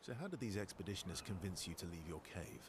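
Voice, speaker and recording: An actor voicing a dry, teasing game companion, with game music behind. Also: male voice, sits low, animated, fast talker. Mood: wry. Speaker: video game character.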